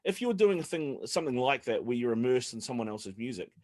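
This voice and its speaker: A man's voice: medium pitch, big pitch swings, fast talker, darkish tone. A man from New Zealand co-hosting a chat show, talking easily and rambling with fillers over a video call. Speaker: podcast co-host.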